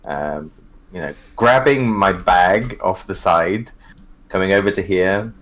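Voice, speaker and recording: A man's voice: low-pitched, fairly bright tone. A man playing a tabletop game, chatting casually, swearing and hesitating. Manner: swearing, laughing, halting and unsure. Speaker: player.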